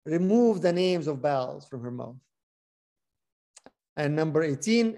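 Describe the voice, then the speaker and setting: A man reading scripture aloud and teaching on it, animated, stressing key words, often restarting his sentences. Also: a little high, measured pace, pauses often. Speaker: Bible study teacher.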